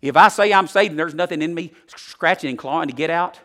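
A male preacher, giving a folksy sermon that swings from loud to hushed. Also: a little high, a little fast.

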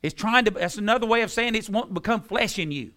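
A man preaching a sermon, repeating key phrases with emphasis and dropping into soft tones. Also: high voice, animated, fast talker. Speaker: pastor.

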